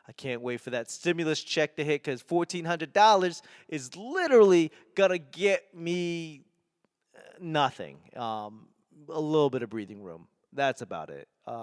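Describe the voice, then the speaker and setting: A man in his forties from the Boston area with a softened Boston accent, rambling and self-mocking on his own podcast. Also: medium pitch, clean tone, no room sound, clean studio sound. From Boston area, New England. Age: 40s. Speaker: podcast host and stand-up comedian. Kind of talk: solo casual podcast rambling.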